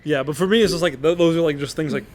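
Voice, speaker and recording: A man's voice: on the high side, rapid-fire, darkish tone. A man co-hosting a gaming podcast, chatting casually and opinionated during a playthrough. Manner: casual, opinionated, picky remarks. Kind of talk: casual chat over a game playthrough.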